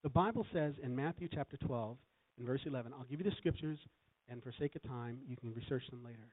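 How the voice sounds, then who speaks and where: A man's voice: mid-range voice, quick pace, no echo. A man preaching a sermon, quoting scripture and telling a story, with emphatic swells on key lines. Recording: tinny phone-like recording.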